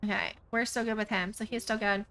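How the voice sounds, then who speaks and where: Bright, chatty woman gamer. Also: mid-range voice, fairly even intonation, a little fast. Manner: chatty, peppered with "like" and "um". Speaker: gaming YouTuber. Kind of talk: let's-play commentary.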